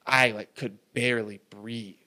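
A man's voice: on the low side, fairly even intonation, unhurried, bright, forceful tone. A man telling a story in casual chat, emphatic and streetwise, with plenty of slang and swearing.

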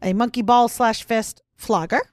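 A woman co-hosting a podcast in casual chat, chatty and excitable, often trailing off mid-sentence. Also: a little high, moderate pace, dry recording, clean studio sound. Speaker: podcast co-host.

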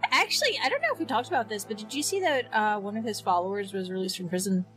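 A woman's voice: mid-range voice, lively intonation, quick pace, fairly bright tone, faint music behind, low-quality recording. A woman co-hosting a podcast, playful and teasing in casual chat. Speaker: podcast co-host.

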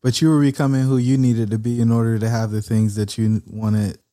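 A man's voice: mid-range voice, little pitch movement, fairly quick, warm tone. A man hosting an interview podcast, asking reflective, encouraging questions of his guest. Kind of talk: conversational interview.

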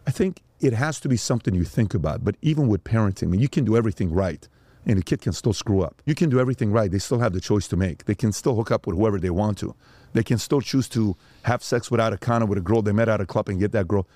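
A man's voice: fairly low pitch, quick pace, dark tone, dry recording. A man, a father, telling stories as a podcast guest and acting out the voices of the people in them. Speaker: father of young sons. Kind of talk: animated storytelling.

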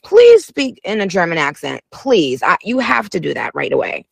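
A woman's voice: fairly low pitch, wildly swooping pitch, normal speed, gravelly, breathy edge, dry recording. A woman hosting a radio show, chatting with a guest in a playful, slangy, teasing way. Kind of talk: casual radio interview.

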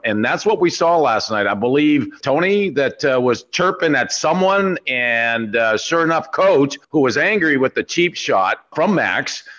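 Emphatic former player breaking down a game. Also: male voice, a little high, fairly bright tone, lo-fi sound. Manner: emphatic, restarts, coaching tone. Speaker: former player turned analyst. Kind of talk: sports talk analysis.

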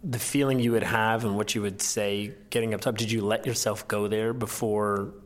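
A man interviewing a guest and narrating in between, with measured, inquisitive questions. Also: on the low side, fairly even intonation.

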